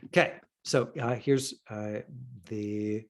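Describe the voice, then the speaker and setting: A middle-aged man teaching acting in a casual, talkative way, full of fillers and quick asides. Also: fairly low pitch, fairly even intonation. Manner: chatty, full of fillers, breaks into quoted voices.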